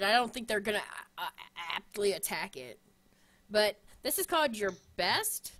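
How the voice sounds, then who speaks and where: A young woman co-hosting a casual chat, excitable and profane, quick to laugh and shriek. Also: medium pitch. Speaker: co-host.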